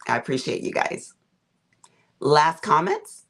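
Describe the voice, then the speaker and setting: A woman's voice: low-pitched, wildly swooping pitch, takes it slowly, a bit bright. A middle-aged woman hosting a casual craft livestream, chatty and folksy, calling her viewers y'all and honey.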